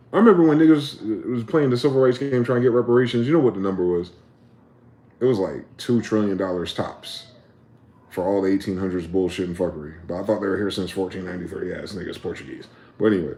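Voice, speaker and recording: A vlogger with a low, warm male voice launches into an impassioned, profane solo rant, firing off rhetorical questions. The recording has an echoey room sound.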